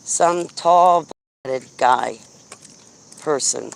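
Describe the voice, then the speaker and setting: A woman's voice: low voice, very slow, creaky, a little hiss or hum. A woman vlogging outdoors while walking her dog, rambling through a story in a blunt, chatty way on a handheld phone. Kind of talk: casual rambling chat.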